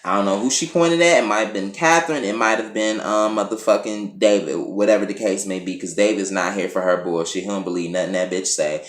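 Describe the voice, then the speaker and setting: A man's voice: lowish voice, brisk, hardly any pauses. A man casually recapping and reviewing a TV episode, blunt and profane. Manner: animated, blunt, profane, chatty. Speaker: TV review vlogger. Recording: roomy echo.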